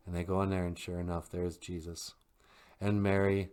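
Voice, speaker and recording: A man casually retelling a story with jokes, relaxed fillers and frequent chuckles. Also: low voice, a little slow, long pauses. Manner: laid-back, joking, lots of fillers and chuckles.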